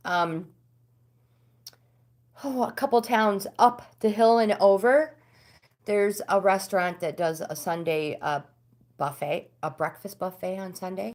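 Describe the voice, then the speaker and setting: A woman's voice: unhurried, long pauses. A middle-aged American woman hosting a casual livestream, chatting with viewers and answering their comments. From United States. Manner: chatty, talks back to comments, pitch swings up when animated. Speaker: livestream host.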